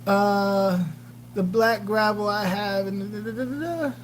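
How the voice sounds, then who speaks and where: A woman's voice: medium pitch, unhurried, a little hiss or hum, rough recording. A woman hosting a casual livestream chat, rambling, joking and answering viewer comments with lots of fillers. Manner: animated, jokey, trails off with fillers. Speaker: aquarium channel livestream host.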